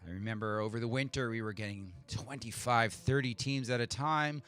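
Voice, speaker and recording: A man's voice: medium pitch, a little fast, fairly bright tone, smooth, soft background music. A man hosting a virtual pub quiz from home on a desk mic, chatting casually and joking with himself between answers. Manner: chatty, self-mocking, talks to himself. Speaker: quiz host. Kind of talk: casual live-stream chat. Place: home setup for an online stream. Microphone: desk mic with adjustable EQ.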